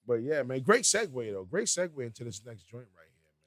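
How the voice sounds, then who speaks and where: A man's voice: medium pitch, sing-song, brisk, fairly bright tone, no room sound, studio quality. A man hosting a podcast in laid-back, slangy casual chat, with plenty of fillers. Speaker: podcast host.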